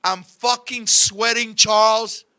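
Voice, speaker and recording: A man hosting a show, telling animated, profane stories and often shouting as he talks. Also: sits high, slow, clean tone. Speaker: show host. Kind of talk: comedic storytelling chat.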